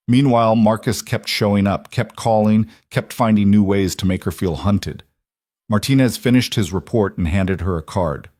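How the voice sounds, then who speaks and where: A man narrates a story in a steady, scripted way. His voice is on the low side for a man. The recording is close and dry, with no room sound. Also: moderate pace, no echo.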